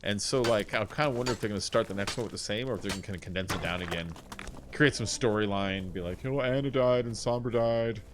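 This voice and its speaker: A man's voice: fairly low pitch, steady tone, quick pace, noisy background. Rambling laid-back male streamer. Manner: rambling, laughs at own jokes, mimics voices. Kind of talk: casual chat. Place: small room at home.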